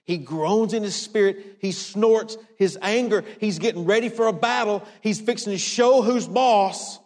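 A man preaching a sermon, emphatic and repetitive, swinging from hushed to raised. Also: high voice, a little slow, long reverb tail. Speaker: pastor.

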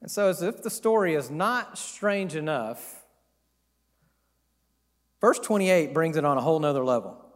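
High-voiced man retelling a Bible story. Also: a little slow, pauses often, in a large hall. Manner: animated, conversational retelling. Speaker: preacher. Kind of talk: sermon storytelling.

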